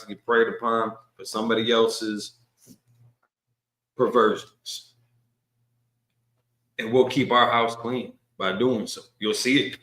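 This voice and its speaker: A man's voice: fairly low pitch, a bit bright, echoey room. A man leading an informal Bible study, speaking loosely and with jokes and slang. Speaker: Bible class teacher. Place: room at a religious gathering.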